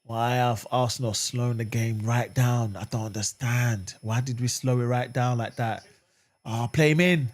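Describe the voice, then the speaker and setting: A man with a medium-pitched voice at normal speed hosts a live watchalong of a football match for his fan channel. Chatting with viewers, he reads and answers their comments, his animated tone swinging between calm and outraged shouting at the referee.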